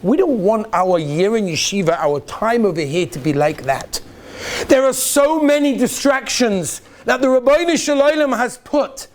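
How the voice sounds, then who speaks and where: A man, a rabbi, welcoming yeshiva students with parables, acting out the characters and sprinkling in Yiddish and Hebrew words. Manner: storytelling, acts out characters with big pitch swings. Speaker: rabbi giving a welcome talk. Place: yeshiva hall.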